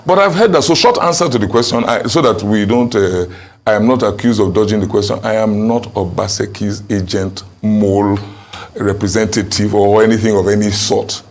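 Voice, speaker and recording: A man's voice: fairly low pitch, normal speed. A man with a Nigerian accent, a politician answering an interview question with emphatic, rhetorical phrasing.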